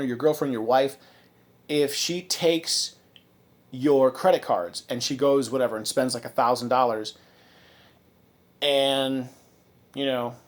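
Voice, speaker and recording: A man giving a casual commentary monologue as a vlogger, rambling with many fillers and restarts, and sounding indignant. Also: mid-range voice. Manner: indignant, ranting.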